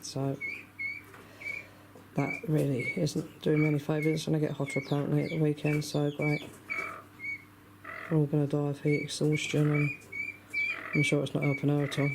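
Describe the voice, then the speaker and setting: A man in a casual video diary, chatty and exasperated, often talking to his birds in a high coaxing voice outdoors in a garden. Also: completely flat delivery, normal speed, vocal fry, long pauses, background noise. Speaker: backyard poultry keeper filming his birds.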